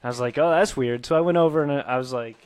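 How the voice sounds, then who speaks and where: A man's voice: mid-range voice, fast talker, a little hiss or hum. A male podcast co-host telling a story in a hesitant, rambling way. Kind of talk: casual storytelling.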